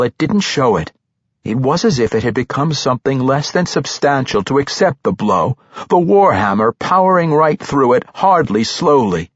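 A man narrating a fantasy novel with expressive storytelling, slowing for suspense. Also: medium pitch, slightly rough, dry recording, highs cut off. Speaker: audiobook narrator.

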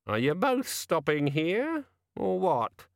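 A man voicing a sharp-tongued, suspicious woman landlady in an audiobook reading. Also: a little high, huge pitch swings, slow, creaky, no room sound, studio quality, pitched above the performer's own voice, full character voice. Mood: brusque. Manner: brusque, nosy.

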